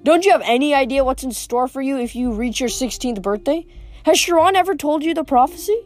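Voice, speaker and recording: A woman reading as a smooth, mocking young villain. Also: high voice, animated, a little fast, faint music behind, pitched above the performer's own voice. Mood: taunting. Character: smooth scheming teenage boy villain. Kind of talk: audiobook reading.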